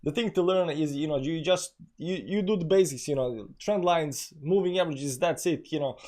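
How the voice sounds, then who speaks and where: A man's voice: on the high side, normal speed, a little mellow. A man hosting a live stream, explaining chart analysis in a rambling way full of "you know" fillers. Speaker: crypto channel host. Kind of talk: casual live-stream chat.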